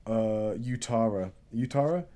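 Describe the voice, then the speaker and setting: A man's voice: on the low side, unhurried, warm tone. A man in casual chat as a manga discussion co-host, playful and retelling scenes with amusement.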